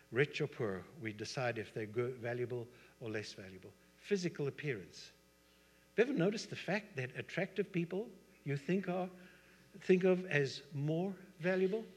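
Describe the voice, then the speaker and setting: A man's voice: mid-range voice, slightly rough. A middle-aged man with a South African accent preaching a sermon, conversational, with asides and rhetorical questions to the congregation. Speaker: pastor. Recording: long hall reverb.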